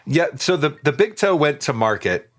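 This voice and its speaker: A man's voice: on the high side, big pitch swings, normal speed, a bit bright. A man co-hosting a casual podcast, recounting a story with frequent ums and restarts. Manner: hesitant, many ums and restarts while recounting facts. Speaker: podcast co-host presenting the story.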